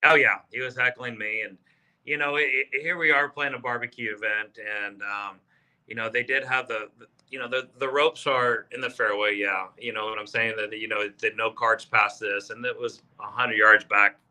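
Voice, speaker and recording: A man in his fifties from South Texas, a golfer guest telling stories in casual chat, animated and full of fillers, acting out quotes. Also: on the low side, moderate pace. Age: 50s. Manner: animated storyteller, acts out quotes, many fillers. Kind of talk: casual storytelling.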